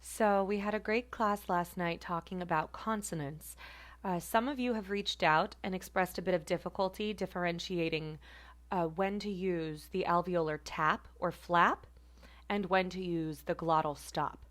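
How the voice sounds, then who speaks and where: A woman teaching a phonetics class, repeating example words slowly and carefully. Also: fairly low pitch, steady tone, a bit bright. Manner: careful, deliberate word repetition. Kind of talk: slow online pronunciation lesson.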